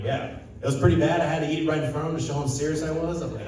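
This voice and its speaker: Young stand-up comic from Southern California. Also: male voice, on the high side, fast, a little mellow, a little hiss or hum. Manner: chatty crowd work, loose storytelling with act-out quotes. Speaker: stand-up comedian. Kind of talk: stand-up comedy set. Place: casino stage with a live audience. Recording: very echoey room, voice a bit distant.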